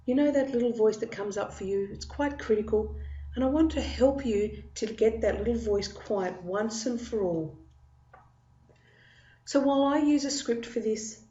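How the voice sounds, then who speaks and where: A woman from Australia gently leading a guided tapping meditation, slow and repetitive, recorded in an echoey room with dull lo-fi sound. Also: on the high side, slight background noise. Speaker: tapping practitioner.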